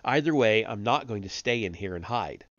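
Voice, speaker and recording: A man's voice: fairly low pitch, expressive, normal speed, no room sound, highs cut off, lightly acted. A man voicing a young female Sith student, curt and defensive in a raised, strained voice. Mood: tense, curt.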